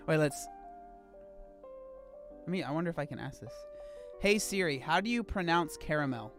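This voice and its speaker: Man, live streamer, casual chat, incredulous, lively pitch, faint music behind. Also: moderate pace, pauses often. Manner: animated, incredulous, talks to chat.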